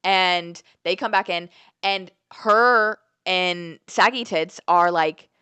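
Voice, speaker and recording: A young woman vlogger telling a story in an animated, profane, candid way. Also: fairly low pitch, slow pace, smooth. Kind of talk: storytime vlog.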